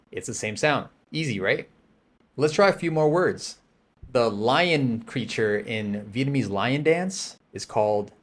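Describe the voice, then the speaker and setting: A man teaching a language lesson, patiently explaining and modeling words for the listener to repeat. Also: mid-range voice.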